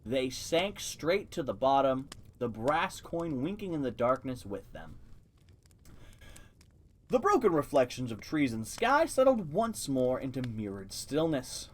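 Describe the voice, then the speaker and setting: Male streamer reading a kids' book aloud, lively swooping pitch, casual asides. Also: a little slow. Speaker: audiobook reader on a live stream. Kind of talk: reading a children's novel aloud.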